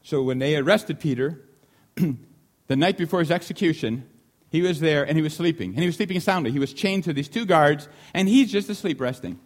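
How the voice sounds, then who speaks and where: A man delivering a sermon with a voice pitched a little above the usual male range. He preaches in an animated way, repeating key lines for emphasis and briefly acting out the voices of people in the story. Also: moderate pace. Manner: animated, acts out the disciples' shouting.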